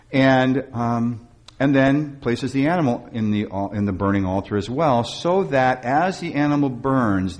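A male pastor delivers a sermon at a mid-range pitch. He retells the story with lively, animated storytelling and drops in wry asides to his listeners.

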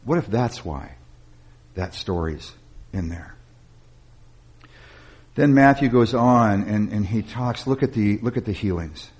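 A man preaching, building up with emphasis and then dropping into slow, quiet passages, with some restarts. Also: on the low side, animated. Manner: restarts and repeated words. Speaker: pastor. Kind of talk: sermon.

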